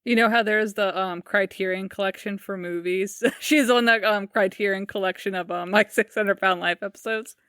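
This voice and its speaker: Relaxed woman podcast co-host, dry. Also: medium pitch, normal speed, few pauses, clean tone, no room sound. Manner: relaxed, rambling with many fillers. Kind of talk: casual podcast chat.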